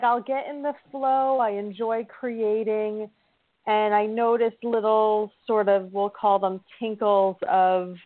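A woman's voice: medium pitch, no echo. Woman caller, hesitant, lots of fillers, phone-line sound. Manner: warm, hesitant, many fillers. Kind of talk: casual phone chat. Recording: dry tinny phone line.

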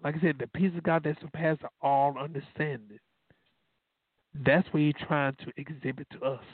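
A man's voice: fairly high pitch, fairly even intonation, normal speed, dry recording. A man preaching a sermon, telling folksy stories with many fillers, then leading a prayer that keeps returning to the word God. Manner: repeats "God" as a refrain while praying. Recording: dry, tinny phone-line sound.

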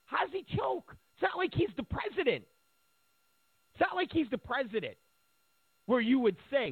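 Guy ranting sarcastically, voice jumps high and low a lot, sounds like a phone line. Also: sing-song, moderate pace, pauses often, no room sound. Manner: sarcastic, mocking, acts out quoted voices. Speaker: political commentator. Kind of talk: ranting monologue. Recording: tinny phone-like line, dry.

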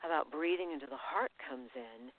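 A man's voice: fairly high pitch, moderate pace. A man hosting an interview, engaged and summarizing his guest's points into questions. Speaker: host. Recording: phone-like line.

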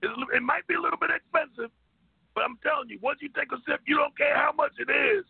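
A man playing a rowdy, boozy old uncle on a radio talk show, gravelly and stammering, shouting out bawdy jokes. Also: very high voice, very animated, fast, no echo, heavily acted. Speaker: regular comic character. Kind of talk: comic radio call-in bit. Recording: tinny phone-line radio audio.

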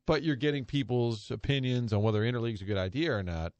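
A man's voice: medium pitch, fast talker, darkish tone, no room sound. A man hosting a sports talk radio show, telling a long anecdote in a chatty way and laughing at his own story. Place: radio studio.

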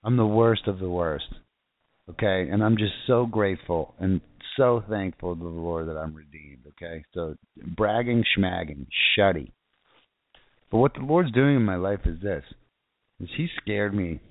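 A man's voice: low-pitched, normal speed, no room sound. A man preaching an informal, fervent sermon that rambles, with frequent restarts and repeated phrases. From South Florida. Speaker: internet radio preacher. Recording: tinny phone-line sound.

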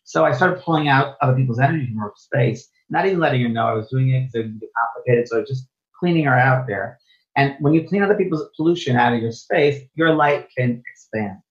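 A man's voice: medium pitch, brisk. A man being interviewed as a spiritual medium and teacher, talking earnestly and often repeating or restarting his phrases. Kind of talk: casual interview chat. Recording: dull, lo-fi sound.

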